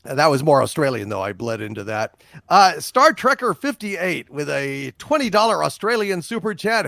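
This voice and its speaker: A man hosting a casual livestream about movies, chatty and animated, reading viewer messages and laughing often. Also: fairly high pitch, normal speed, vocal fry, dry recording. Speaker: podcast host.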